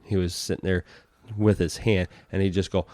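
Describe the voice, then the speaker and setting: Low-voiced man telling a parenting story. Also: level tone, moderate pace, darkish tone, no echo. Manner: rambling storytelling with profanity. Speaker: podcast host and father. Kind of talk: casual podcast chat.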